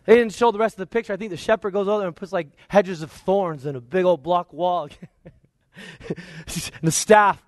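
A man preaching a sermon in a conversational, lively way, with playful asides and quoted voices. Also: high voice, normal speed, no room sound, clean studio sound.

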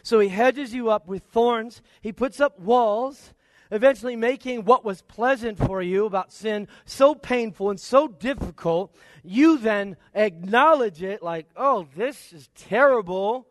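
A man preaching a sermon in a conversational, lively way, with playful asides and quoted voices. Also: high voice, a little slow, dry recording, studio quality.

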